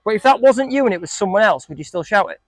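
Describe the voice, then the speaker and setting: A man's voice: sits high, lively intonation, fast talker, dry recording. A man coaching a group of young football players, asking them questions and joking with them. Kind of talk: coaching talk to a group of kids.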